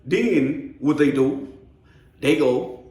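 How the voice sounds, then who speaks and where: Profane, fired-up truck driver ranting. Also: male voice, a little high, very slow, reverberant. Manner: blunt, profane, animated storytelling. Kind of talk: casual storytelling rant.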